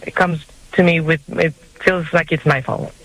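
Male caller on radio, hesitant and halting, pitched a little high. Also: fairly even intonation, a bit bright, a little hiss or hum, poor audio. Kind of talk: phone-in conversation.

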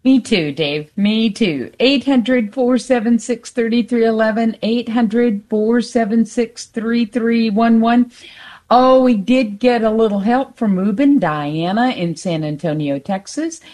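A woman's voice: a little high, a little mellow. Woman co-hosting a radio pledge drive. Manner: reads the phone number slowly and deliberately. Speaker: radio fundraiser co-host. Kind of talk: on-air fundraising appeal. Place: radio studio.

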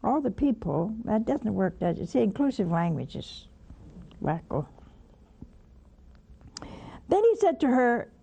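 A woman's voice: a little high, sing-song, a little slow, gravelly, long pauses, mellow, dull audio, slight background noise. A woman giving a spoken sermon, blunt and teasing, with pointed asides to her listeners. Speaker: religious broadcaster teaching scripture.

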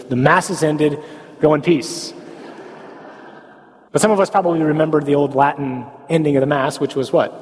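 A man of middle pitch gives a homey teaching talk in a church hall, where the long reverb trails after his words. He throws rhetorical questions at the group and tags his points with a quick "huh?". Folksy, joking asides keep it light. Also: a little mellow. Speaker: speaker at a parish talk on the Mass.

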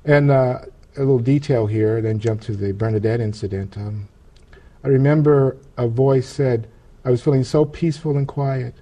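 A man, an interview guest, telling a personal testimony in an earnest, halting way, often restarting his sentences. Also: medium pitch, warm tone.

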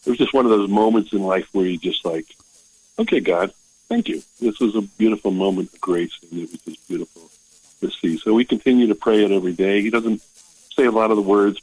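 An older grandfather calling in to a radio show, telling a story in an emotional, halting way over the phone. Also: sits low, darkish tone, slightly rough, no echo, poor audio. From Maryland. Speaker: caller.

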